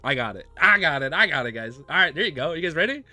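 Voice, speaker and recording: A man's voice: on the high side, big pitch swings, quick pace, bright, forceful tone, soft background music. An American man chatting casually with his live-stream viewers, joking around and laughing often. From United States. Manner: joking, laughs often, mock-French phrases.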